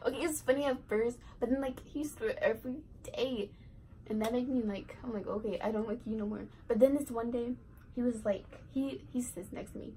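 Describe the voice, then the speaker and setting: A woman's voice: fairly high pitch, fairly even intonation, a little fast, mellow, a little hiss or hum, rough recording. A teenage girl vlogger telling a casual storytime, rambling and giggly, full of "like" and "right". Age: teens.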